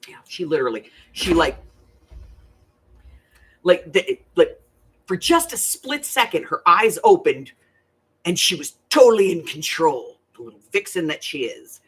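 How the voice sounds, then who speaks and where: An older woman, a grandmother, telling a family story in a chatty, animated way and swearing freely. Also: on the low side, measured pace, long pauses, slightly rough. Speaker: crafting channel host. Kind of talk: casual storytelling chat.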